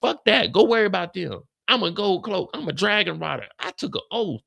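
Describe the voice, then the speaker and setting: Gravelly high-voiced man on a heated rant. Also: big pitch swings, a little fast, sharp tone. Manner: profane, heated, ranting in character. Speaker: show recap host. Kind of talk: live comedic recap rant.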